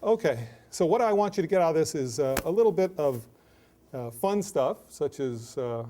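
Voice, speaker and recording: Joking middle-aged male lecturer, slightly high. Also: expressive, mellow, a little hiss or hum. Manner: joking, self-deprecating, brisk. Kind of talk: academic lecture with jokes and anecdotes.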